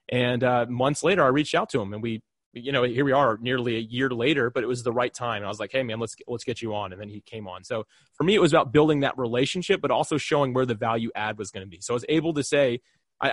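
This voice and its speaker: A young man, a podcast guest, telling lively anecdotes in casual conversation and acting out the dialogue as he goes. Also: medium pitch, no room sound, studio quality. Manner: animated, quick anecdotes with acted-out dialogue.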